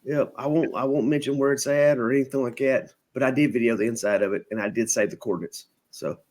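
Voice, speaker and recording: Animated man telling a funny story. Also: mid-range voice, fast talker. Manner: animated anecdote teller, mimics people he quotes. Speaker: podcast host. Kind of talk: casual storytelling chat.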